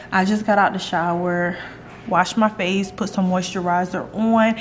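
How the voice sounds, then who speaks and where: A woman's voice: medium pitch, a bit bright, slight background noise. Casual vlogger, 30s woman, mid-range voice, talks straight to her viewers. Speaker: vlogger, mother of young kids. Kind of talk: casual vlog chat. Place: home.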